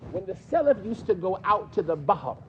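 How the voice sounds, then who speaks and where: Man, New York accent, teacher, slightly high voice, conversational, quizzing students, muffled lo-fi recording. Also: big pitch swings, a little fast, slight background noise. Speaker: teacher explaining hadith. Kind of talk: classroom lesson with questions. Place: mosque classroom.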